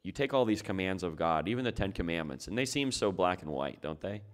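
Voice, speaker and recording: A pastor with a low, expressive voice preaches a sermon at a slightly quick clip. He keeps it conversational and poses rhetorical questions to his listeners.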